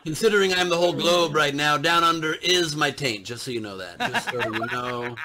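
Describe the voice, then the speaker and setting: A man's voice: a little high, animated, fairly quick, crowd noise. A man hosting a comedy show over a video call, teasing and introducing guests with jokes. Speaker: podcast host. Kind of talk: casual comedic banter.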